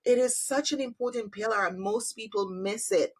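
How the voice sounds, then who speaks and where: A woman's voice: fairly high pitch, moderate pace, husky. A woman hosting a podcast, enthusiastic and affirming as she explains her own model. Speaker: podcast host and conflict analyst. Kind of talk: interview conversation.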